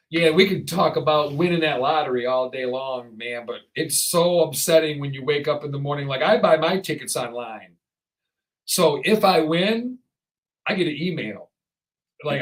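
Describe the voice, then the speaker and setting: Man, podcast host, slightly high voice, rambling casual chat, acts out quotes. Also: lively intonation, moderate pace, poor audio.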